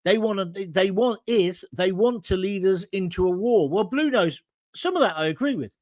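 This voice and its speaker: A man's voice: sits high, expressive, moderate pace, no room sound. A middle-aged man hosting a talk show, giving blunt, combative opinions and reading out viewer comments.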